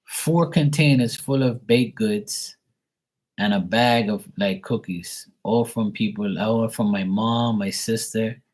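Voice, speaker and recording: A man's voice: lowish voice, slow, a little mellow. A young man giving live tarot readings, chatting loosely and swearing casually while he reads messages to viewers. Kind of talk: casual livestream chat.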